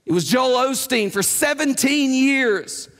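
A man's voice: very high voice, expressive, unhurried, a bit bright. A man preaching a sermon in an emphatic, conversational way, repeating his key points. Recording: long hall reverb.

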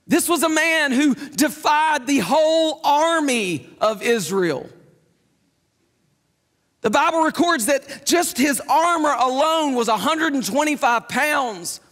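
A man preaching a sermon as pastor, telling stories in lively quick bursts. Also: extremely high pitch. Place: church sanctuary. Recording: long reverb in a church hall with faint music.

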